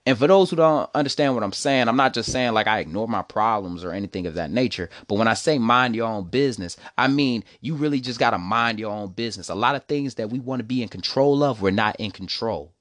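A man's voice: medium pitch, a little fast, few pauses, fairly bright tone, dry recording. A young man telling a personal story, emotional and preachy. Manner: emotional, preachy, repeats "see, the thing is".

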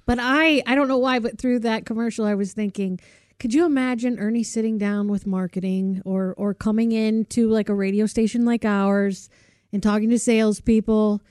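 Chatty woman host, fairly high voice. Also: fairly even intonation, normal speed, a little mellow, no room sound, clean studio sound. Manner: chatty, lots of fillers. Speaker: radio host. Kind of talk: casual chat.

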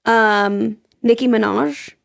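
Woman podcast co-host, casual and giggly, some vocal fry, dry close sound. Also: on the high side, steady tone, slow, no room sound. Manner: chatty, giggly, reads out trivia.

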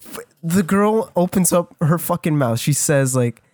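A man's voice: on the high side, animated, a little slow, darkish tone, no room sound, studio quality. A man telling a rambling story on a casual podcast, restarting his sentences often and swearing a lot. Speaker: podcast co-host.

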